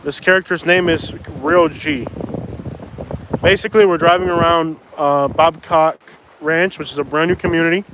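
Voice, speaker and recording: A man's voice: fairly high pitch, fairly even intonation, normal speed. A man live streaming outdoors from a jetty, rambling casually and saying "bro" and "like" a lot. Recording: wind noise on outdoor mic.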